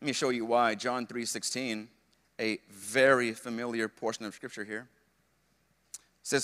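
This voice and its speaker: A man's voice: medium pitch, steady tone, a little slow, long pauses, bright, forceful tone, in a large hall. A young man preaching a sermon as pastor, calling out to the congregation with asides and rhetorical questions. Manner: preaching with call-outs to the congregation.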